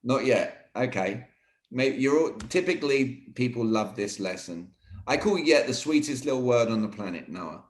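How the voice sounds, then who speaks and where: A man coaching on sales technique in an energetic, emphatic way, often saying "all right". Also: mid-range voice, moderate pace. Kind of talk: teaching sales techniques in conversation. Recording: roomy echo.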